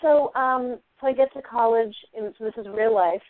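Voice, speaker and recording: A woman from Eastern Massachusetts, a novelist being interviewed, talks in an animated way, often restarting her sentences. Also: on the high side, normal speed, no room sound. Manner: animated, frequent restarts and laughter. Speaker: novelist guest. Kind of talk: conversational interview. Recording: tinny dry phone-line audio.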